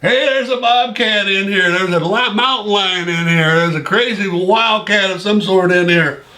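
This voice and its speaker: A panicked young soldier shouting in alarm, his voice pushed well above its usual pitch, as an older man in his seventies retells it. He sounds excited and frantic. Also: normal speed. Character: panicked young soldier yelling about a wildcat.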